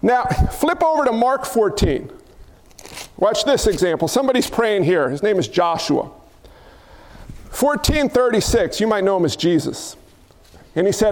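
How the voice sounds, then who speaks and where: A high-pitched man preaches to his church, casual and conversational, firing rhetorical questions at the congregation and joking with them. His voice rings out with a long hall reverb from the sanctuary. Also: big pitch swings, measured pace, pauses often. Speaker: pastor. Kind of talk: sermon.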